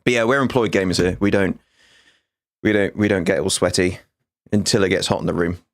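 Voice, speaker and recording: A man's voice: deep voice, steady tone, brisk, no echo, studio quality. A man in his thirties, an ex-soldier streaming a game, chatting frankly with viewers and swearing freely. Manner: frank, sweary, jokey banter. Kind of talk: casual livestream chat with viewers.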